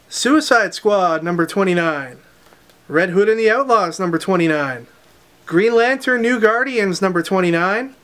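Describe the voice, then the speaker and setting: High-voiced man rattling off comic releases. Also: a bit bright. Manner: brisk title-by-title listing with quick asides. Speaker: comic shop host presenting new releases. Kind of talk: casual unboxing rundown.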